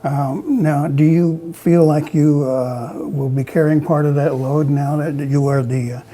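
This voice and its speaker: A man's voice: fairly high pitch, steady tone, unhurried, dark tone. A man hosting a radio interview, asking questions in a hesitant way with many fillers. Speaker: radio show host.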